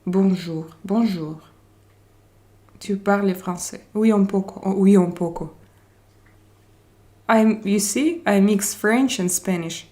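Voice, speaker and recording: Her voice is medium in pitch with a dark tone as this woman from Russia runs a casual live-stream chat. Greeting viewers by name, she shifts among English, Spanish and French in slow, stretched-out phrasing.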